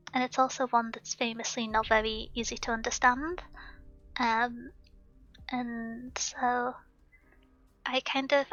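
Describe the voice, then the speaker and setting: Brief: high-voiced woman, British with a soft Welsh lilt, thoughtful rambling stream chatter, muffled lo-fi audio. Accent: near-standard British with a Welsh lilt. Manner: musing, thoughtful, talks with many asides. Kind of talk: casual chat on a live stream. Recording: dull lo-fi stream audio with faint music.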